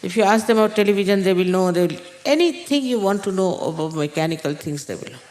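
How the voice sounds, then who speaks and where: Woman, spiritual teacher, slow halting talk, pauses and fillers, echoey hall. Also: medium pitch, animated, darkish tone. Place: large indoor gathering hall.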